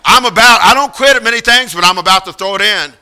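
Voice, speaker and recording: A middle-aged man preaching, telling a story with lively acted-out voices of the people in it. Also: sits high, fast. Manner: animated, acts out voices of others in the story. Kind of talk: sermon storytelling.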